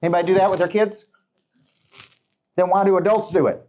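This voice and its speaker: Punchy middle-aged coach firing questions. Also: male voice, high-pitched, fairly even intonation, fairly quick, darkish tone, lo-fi sound. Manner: punchy, fires rhetorical questions at the crowd. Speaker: business coach. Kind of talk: motivational talk to a live audience.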